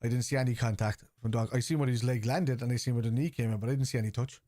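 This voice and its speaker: A man's voice: medium pitch, steady tone, very fast, warm tone, no echo, studio quality. A man hosting a live fan watchalong, reading out and answering viewer chat in a blunt, casual way, swearing freely. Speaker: fan channel host.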